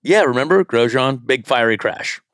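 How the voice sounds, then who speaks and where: A man's voice: medium pitch, lively intonation, moderate pace, a bit bright, no echo, clean studio sound. A young man co-hosting a casual podcast chat, joking around and laughing often. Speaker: podcast co-host.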